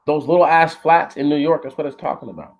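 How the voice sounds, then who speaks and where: A man hosting his channel, reading a history text aloud haltingly with restarts and stopping often to comment bluntly, with plenty of swearing. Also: a little high, darkish tone, poor audio. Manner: blunt and profane, stops often to rant. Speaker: channel host.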